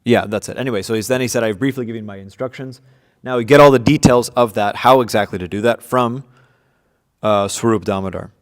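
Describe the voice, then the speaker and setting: A man's voice: medium pitch, brisk, in a large hall. A man teaching an informal scripture class to a group, talking casually with many fillers and restarts. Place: room with devotees present.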